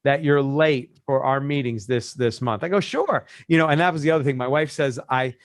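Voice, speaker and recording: A man's voice: medium pitch, fairly quick, smooth, dry recording, clean studio sound. A man who coaches businesses, telling a story in casual podcast talk and acting out the people he quotes. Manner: animated storyteller, acts out quoted voices.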